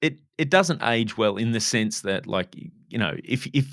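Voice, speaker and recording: A man, a comedian hosting a podcast, telling lively anecdotes and calling people "mate". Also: mid-range voice, normal speed, vocal fry, no echo, clean studio sound. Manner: says "mate" a lot, animated anecdotes. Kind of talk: casual chat.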